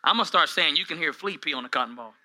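A man around forty preaching a sermon to a congregation in a church, swinging from hushed asides to shouted peaks, with humorous self-deprecating stories. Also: a little high, expressive, very fast, slight background noise, rough recording. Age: 40s. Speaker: pastor. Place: church hall with a live congregation.

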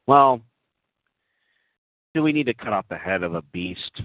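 A man's voice: lowish voice, lively intonation, unhurried, long pauses, slightly rough, no room sound. Giggly earnest man, tinny lo-fi sound. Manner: gentle, overly earnest, with frequent giggles and ums. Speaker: comic prankster addressing an online group chat. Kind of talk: comedic earnest role-play. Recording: tinny phone-like sound, dry.

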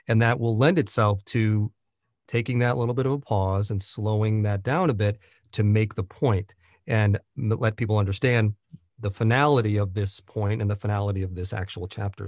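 A man's voice: on the low side, a little mellow, no room sound, dull audio. A man who narrates audiobooks, talking through his craft in a conversational interview, thoughtful and full of restarts and fillers.

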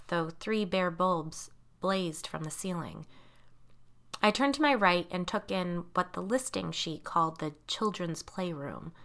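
A woman reading a first-person novel aloud as an audiobook narrator, in measured storytelling. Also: on the low side, sharp tone.

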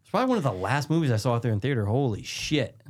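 A man in his thirties co-hosting a podcast, talking quickly in a relaxed, chatty way. He keeps chiming in with fast agreements while his co-host talks. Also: medium pitch, husky. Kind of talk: casual chat.

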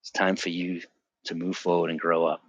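A man's voice: deep voice, completely flat delivery, slightly rough, no echo, lo-fi sound. Earnest man telling a vivid testimony. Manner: earnest, vivid, halting with restarts. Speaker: podcast guest sharing his testimony. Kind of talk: personal testimony storytelling.

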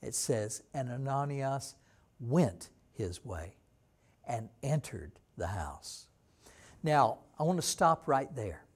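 A man preaching a sermon as pastor, teaching slowly and acting out quoted lines with dramatic emphasis. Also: mid-range voice, sing-song. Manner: slow, deliberate teaching with dramatic voiced quotes. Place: church.

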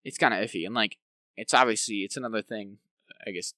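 A podcast co-host with a lowish voice talks quickly in a pushed, bright tone, recorded with clean studio sound and no echo. He chats casually about films, rambling with lots of "like" and tag questions.

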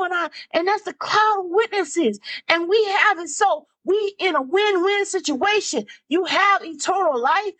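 A woman's voice: very high-pitched, fairly bright tone. A woman preacher, giving an emphatic sermon that often asks the listeners if they understand. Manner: emphatic, repeats phrases, asks the listeners questions.

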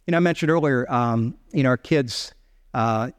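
A middle-aged man preaching a sermon as pastor, telling the story with animated storytelling and acting out the voices of the characters. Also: mid-range voice, normal speed, smooth, in a large hall. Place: church sanctuary.

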